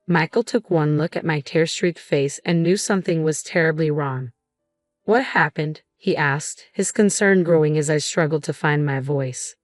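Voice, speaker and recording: Woman narrator, low, steady, dry read over faint music. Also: moderate pace, hardly any pauses, no room sound. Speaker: story narrator. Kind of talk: scripted first-person narration.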